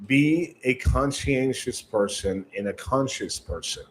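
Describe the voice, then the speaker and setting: A sales trainer speaks at a measured pace and medium pitch, his recording low in quality. He gives sales callers direct, coaching-style instruction, often stumbling over repeated words and checking in with "right?".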